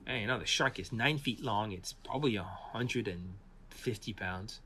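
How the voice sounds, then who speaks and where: In a slightly rough, lowish voice at a moderate pace, a man from France who works in visual effects shares stories during a casual interview. He's an animated storyteller who performs the voices he quotes and restarts often.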